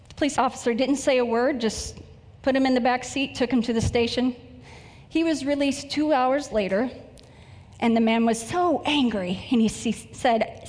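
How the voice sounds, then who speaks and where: An earnest woman preacher leads prayer and tells stories, her voice sitting fairly high for a woman. A long hall reverb trails after her words. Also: moderate pace, darkish tone. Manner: earnest, emotional, storytelling.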